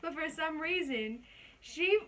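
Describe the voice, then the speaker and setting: A woman's voice: high-pitched, animated, slow pace, a bit bright. A young adult woman casually telling a story as a guest, chatty and often laughing.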